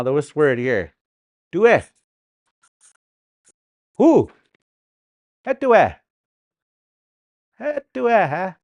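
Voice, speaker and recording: During a livestreamed class, a Dakota language teacher from Sioux Valley leads students playfully, pacing around the classroom and repeating words so they can practise. Her or his mid-range voice is captured with no room sound.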